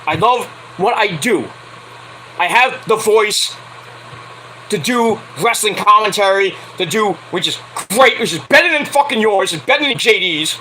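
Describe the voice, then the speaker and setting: A man's voice: high-pitched, animated, unhurried, bright, forceful tone, slight background noise, poor audio. A man ranting heatedly on a late-night livestream, swearing constantly as he reviews wrestling. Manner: profane, heated, fired-up ranting.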